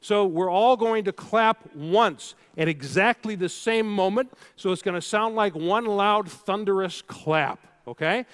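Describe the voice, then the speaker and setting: Guy with a pretty high voice doing a keynote on stage, animated, gets the crowd clapping along. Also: measured pace, hardly any pauses, clean tone. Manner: animated, playful, leads the crowd through exercises. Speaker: keynote speaker. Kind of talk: storytelling keynote speech to a live audience. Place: stage before a live audience.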